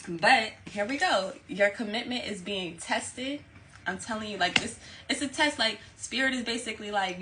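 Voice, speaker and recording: A woman's voice: mid-range voice, moderate pace, sharp tone, faint music behind, poor audio. A woman giving a casual tarot reading, talking candidly, swearing now and then and repeating her phrases. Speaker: tarot reader.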